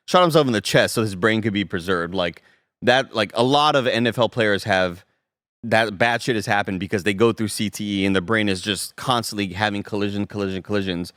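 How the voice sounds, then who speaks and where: A man with a lowish voice talks through a topic on a podcast in a loose, conversational way, full of "um" and "like". His delivery is relaxed and unhurried. The recording is dry and close. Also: no room sound. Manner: relaxed, joking, uses fillers. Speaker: podcast co-host. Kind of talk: casual chat. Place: podcast studio.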